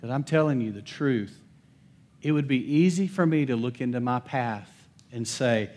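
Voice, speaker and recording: Speaking with emphasis in a mid-range voice at normal speed, a man preaches as pastor during a church service. He calls out for the congregation to answer back, alternating loud statements with soft, hushed ones.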